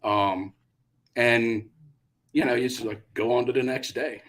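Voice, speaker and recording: A middle-aged man who retired as an Army pilot tells stories in a casual interview, speaking at a measured pace in a mid-range voice. He's animated, acting out quotes with bursts of loudness.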